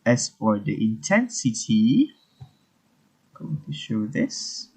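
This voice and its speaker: Young male student walking through a tutorial, unhurried and halting, slightly husky. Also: medium pitch, sing-song, darkish tone. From Malaysia. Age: young adult. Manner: unhurried, halting, talks through on-screen steps. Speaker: student presenter. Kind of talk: screen-recorded software tutorial.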